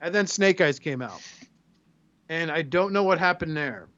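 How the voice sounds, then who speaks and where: A man's voice: a little high, lively intonation, moderate pace, fairly bright tone, lo-fi sound, slight background noise. A man co-hosting a podcast in casual chat, telling rambling profane stories and acting out quotes. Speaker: podcast co-host.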